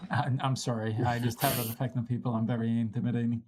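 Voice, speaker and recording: A woman's voice: a bass voice, flat delivery, fast, darkish tone, slight background noise. A woman hosting a livestream, chatting casually in a blunt, teasing way with frequent swearing. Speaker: livestream host. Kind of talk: casual chat.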